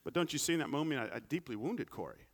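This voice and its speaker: A man preaching a sermon, swinging between big loud climaxes and quiet, humorous storytelling asides. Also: on the high side, animated, fast talker. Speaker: pastor.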